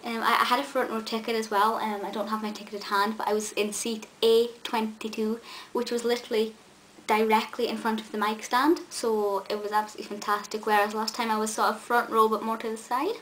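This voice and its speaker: A woman's voice: fairly high pitch, flat delivery, a little fast, few pauses, a bit bright, rough recording. A young woman, chatting eagerly to camera in a vlog, with many ums and restarts. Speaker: vlogger. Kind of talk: casual chat to camera. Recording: faint hiss.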